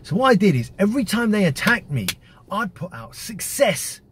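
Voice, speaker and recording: A man's voice: sits high, very animated, brisk, a bit bright, slight background noise. A man talking casually and emphatically, giving advice. He often repeats words and checks in with "yeah?" and "right?". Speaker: activist giving media advice. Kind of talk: casual instructional talk.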